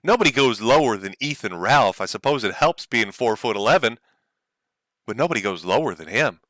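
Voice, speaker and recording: A man's voice: medium pitch, animated, fairly quick, fairly bright tone, no room sound. A man hosting a livestream, talking to his chat with sarcastic, mocking commentary and frequent laughs. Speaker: streamer host.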